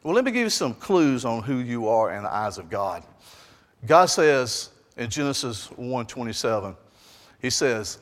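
A man preaching a sermon in a church on a lapel mic, conversational and animated, with casual asides. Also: mid-range voice, a little slow. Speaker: pastor. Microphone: lapel mic on jacket. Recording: long church reverb.

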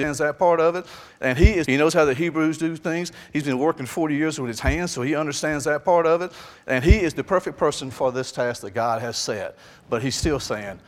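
Chatty pastor in an echoing church. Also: male voice, fairly high pitch, fairly quick. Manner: conversational, animated, with asides. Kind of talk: sermon. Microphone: lapel mic on jacket. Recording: long church reverb.

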